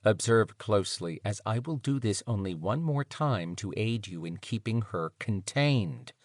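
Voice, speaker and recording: A man voicing a smooth-voiced, mysterious male captor who speaks with calm condescension. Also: lowish voice, no echo, studio quality. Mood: cold. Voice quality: smooth, hushed. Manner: measured, condescending.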